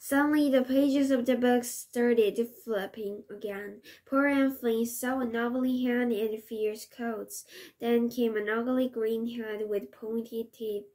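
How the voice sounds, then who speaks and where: A woman's voice: on the high side, fairly even intonation, darkish tone. A woman, a native Korean speaker, reading a children's storybook aloud in English with careful restarts. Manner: careful, slow, occasional restarts. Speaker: reader.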